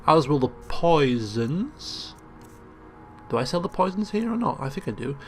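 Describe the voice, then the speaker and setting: A man's voice: a little high, very animated, measured pace. A man giving chatty, joking commentary as he plays a video game. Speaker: let's play host. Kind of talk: casual gameplay commentary. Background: game music.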